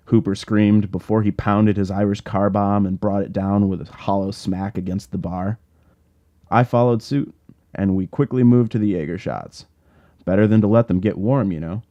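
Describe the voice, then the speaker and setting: A man's voice: lowish voice, fairly even intonation, normal speed, dark tone, muffled recording. A man, the author, reading his own novel in a wry, laid-back first-person storytelling style for an audiobook. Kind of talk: audiobook narration.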